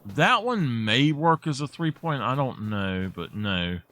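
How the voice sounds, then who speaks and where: A man's voice: mid-range voice, slow. Laid-back man streaming a game. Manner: relaxed, rambling storyteller. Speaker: gaming streamer. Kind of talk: casual chat while playing.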